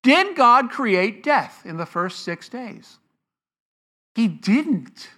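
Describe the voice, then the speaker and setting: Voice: medium pitch, pushed and bright. A pastor teaching a sermon to a congregation, asking rhetorical questions and answering them, stretching key words for emphasis. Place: church before a congregation.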